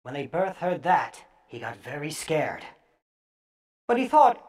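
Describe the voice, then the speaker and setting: A woman storyteller reading scary stories aloud theatrically, dropping to hushes and bursting out loud. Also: low-pitched, very animated, measured pace, pauses often.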